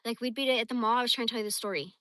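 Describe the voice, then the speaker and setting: A woman in her forties livestreams casually, answering chat and spinning blunt, profane stories with lively energy. Her voice sits a bit high and sounds bright and forceful, recorded close and dry with no room sound. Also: racing, no echo. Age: 40s. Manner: blunt, profane, animated storytelling. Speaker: livestream host.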